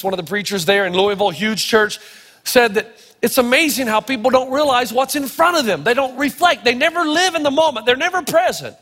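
A middle-aged man preaching a sermon, telling stories in short, punchy phrases with dramatic pauses. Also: very high voice, fairly bright tone. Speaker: pastor. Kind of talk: sermon with storytelling. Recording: long hall reverb.

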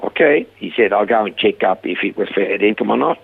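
A man's voice: fairly low pitch, fairly even intonation, fairly quick, vocal fry, husky, phone-quality sound. An older man with a Swiss accent, telling his life story in an interview and acting out the dialogue. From Switzerland.

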